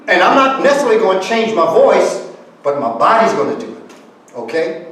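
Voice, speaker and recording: A man gives an animated lecture, his fairly high voice bouncing between phrases he acts out. He is recorded from well back in a very echoey meeting room with faint background noise. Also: moderate pace. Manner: animated, acts out example phrases, coaxes audience to join in. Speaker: guest speaker. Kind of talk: lecture to a live audience. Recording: echoey room, far from the mic.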